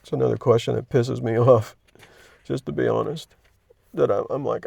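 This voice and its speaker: A man hosting his own channel, talking candidly and emotionally about his faith, halting and restarting as he gets worked up. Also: mid-range voice, fairly even intonation, gravelly, warm tone, slightly rough, no room sound. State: chronic pain. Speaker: Christian video host. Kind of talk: emotional personal reflection.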